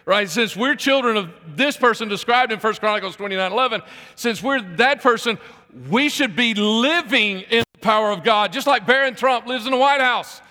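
A man's voice: very high voice, moderate pace, bright, forceful tone. A man preaching a conversational sermon, repeating phrases and putting questions to the congregation. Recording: long hall reverb.

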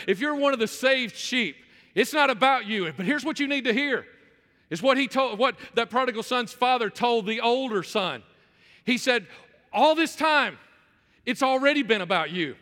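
A male pastor preaching a sermon in church, repeating phrases for emphasis and restarting his sentences quickly. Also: very high voice, bright, forceful tone, big-room sound. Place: church sanctuary.

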